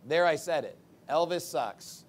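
A combative male preacher, whose voice sits a bit high for a man, moves between loud, punchy bursts and low muttered asides, pressing each point and throwing in sarcastic jabs. He's unhurried but lively in intonation, with big swings in pitch and loudness, and a little hiss or hum runs under the sermon recording.

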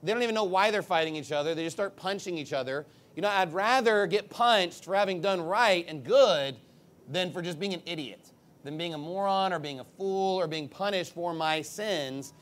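A man preaching a sermon in an emphatic, conversational way, acting out quick asides. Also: sits high, fairly bright tone. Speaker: pastor.

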